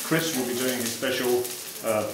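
A man's voice: mid-range voice, level tone, normal speed, roomy sound, background noise. A man presenting a joking amateur cooking show at home, rambling and laughing between lines. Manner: jokey, rambling, breaks into laughter. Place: home kitchen with friends and drinks.

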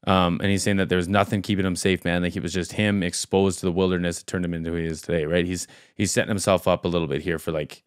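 A man's voice: sits low, level tone, quick pace, hardly any pauses, clean tone, no room sound, studio quality. A man hosting a music reaction video, talking casually and rambling aloud with lots of fillers as he thinks.

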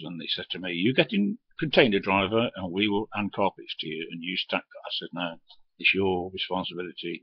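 Now deep and breathy, the retired lorry driver's voice carries his casual storytelling about life on the road. He's blunt, curses a lot, and performs the dialogue of each person involved. There's no room sound, and the top end is cut off.

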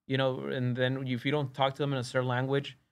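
A man's voice: mid-range voice, quick pace, clean tone. A man, a real estate wholesaler guest on a podcast, telling stories in casual chat and acting out quoted dialogue. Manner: animated, acts out quoted dialogue. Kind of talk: casual storytelling.

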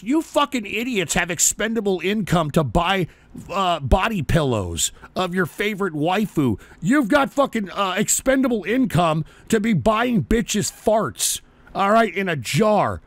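A belligerent man hosting a call-in show, his voice pitched high and swinging wildly up and down as he rants. He is loud, profane and mocking, and he sounds dry and close to the mic with no room around him. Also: sing-song, measured pace, dry recording. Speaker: radio show host. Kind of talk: combative call-in radio rant.

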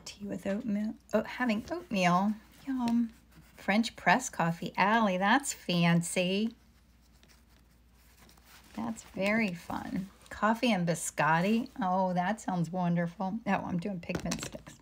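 A woman's voice: medium pitch, fairly even intonation, slow pace, slight background noise. A middle-aged woman chatting casually with viewers while she paints, reading their comments aloud and murmuring to herself as she works. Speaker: painter live-streaming a demo. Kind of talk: casual live-stream chat while painting.

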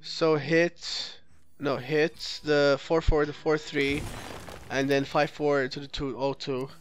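A man with a somewhat high-pitched voice talks through his own card game match as a let's play host. He thinks out loud, restarts his sentences and corrects himself, and critiques his opponent's plays. Soft music plays faintly underneath. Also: flat delivery, takes it slowly. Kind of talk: gameplay commentary.

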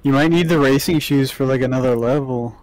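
A man's voice: medium pitch, fairly quick, darkish tone, dry recording. A man playing through a game with friends, casually pointing out tips. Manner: helpful, gives game tips. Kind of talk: casual let's-play banter.

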